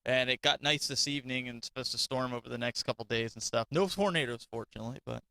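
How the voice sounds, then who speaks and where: Bright-voiced chatty male co-host. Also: mid-range voice, fast talker, gravelly, dry recording. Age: adult father of two. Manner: chatty, laughs easily, storytelling. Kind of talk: casual podcast chat.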